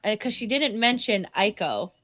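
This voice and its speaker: At medium pitch and a moderate pace, a woman co-hosts a podcast recapping an anime. She casually retells scenes with lively energy, performs quotes, and curses freely.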